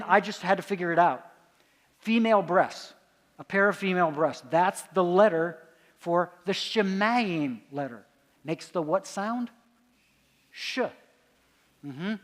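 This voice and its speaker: A man delivers a lecture at a conference in a high, light voice. He keeps quizzing his listeners and then answers his own questions. His words echo with a long reverb through a large hall. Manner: asks the audience quiz questions and answers them himself.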